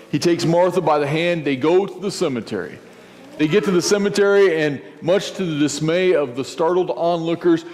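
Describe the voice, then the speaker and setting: Storytelling male pastor in an echoing church. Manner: storytelling, acts out scenes, lively shifts in pitch. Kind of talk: sermon. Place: church sanctuary. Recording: long church reverb, faint noise.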